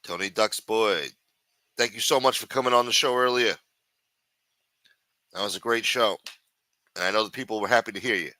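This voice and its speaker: A man's voice: on the low side, normal speed, pauses often, pushed and bright, no echo. A man hosting a late-night livestream, chatting with viewers in a sing-song voice and full of crude joking banter. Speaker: livestream host.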